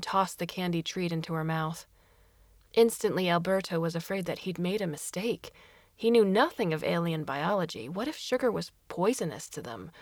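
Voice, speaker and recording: A woman narrates a story in a fairly low voice. Her reading is expressive, and she slips into voices for the characters. The sound is dry and close, with no room echo. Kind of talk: audiobook narration.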